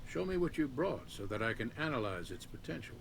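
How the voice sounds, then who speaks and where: A man voicing a composed, businesslike male surgeon, measured and formal. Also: medium pitch, sing-song, creaky, slight background noise.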